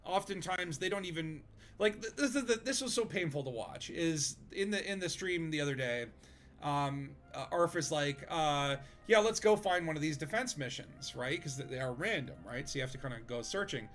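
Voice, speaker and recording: A man's voice: fairly high pitch, lively intonation, moderate pace, a bit bright. Chatty man streaming a game. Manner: rambling, filler-heavy, chatty; narrates own gameplay. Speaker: streamer host. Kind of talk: casual gaming stream chat.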